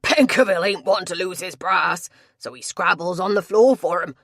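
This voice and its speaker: A woman reading a big, sulky male tavern tapster with gruff rustic dialect speech. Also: lowish voice, moderate pace, fairly bright tone, dry recording, clean studio sound. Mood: grumbling.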